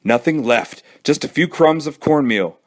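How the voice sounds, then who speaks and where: A man who is a children's librarian, reading a storybook aloud with an expressive storytelling manner. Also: a little high, a little slow.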